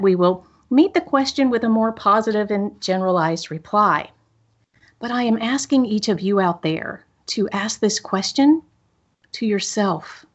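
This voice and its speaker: A woman's voice: mid-range voice, dull audio. A woman hosting a solo podcast at a studio microphone, upbeat, reflective and encouraging as she talks to listeners. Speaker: podcast host.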